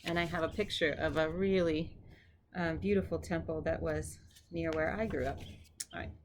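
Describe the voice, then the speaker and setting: Casting: low-voiced woman teacher, chatty lesson, words said slowly and repeated, faint hiss behind. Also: steady tone. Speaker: language teacher. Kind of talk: casual vocabulary lesson.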